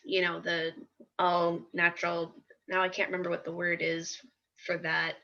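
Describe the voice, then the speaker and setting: A woman's voice: lowish voice, completely flat delivery, normal speed, bright, forceful tone. A young woman chatting casually and animatedly, acting out her mother's advice as she tells a story. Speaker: co-host. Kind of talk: casual chat. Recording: dull lo-fi sound.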